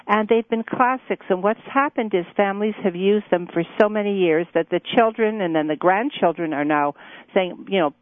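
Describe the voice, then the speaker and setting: A woman's voice: mid-range voice, dry recording. Older lady cookbook writer calling in, thin phone-line sound, dry. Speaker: cookbook author and guest. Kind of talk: phone-in radio interview.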